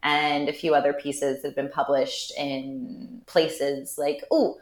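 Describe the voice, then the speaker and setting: A woman's voice: low-pitched, little pitch movement, slow. A woman guest on a podcast, telling candid stories in a dry, wry, blunt way, breaking into laughs. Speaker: interview guest. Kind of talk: candid conversational storytelling. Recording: roomy echo on the voice.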